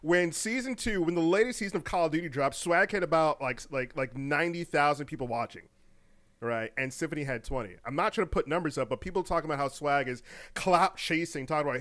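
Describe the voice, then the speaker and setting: A man with a slightly raised pitch talks through gaming news as a podcast co-host. His delivery is animated and loose, with slang, laughter, and words repeated as he builds his point. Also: fast talker. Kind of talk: casual gaming news commentary.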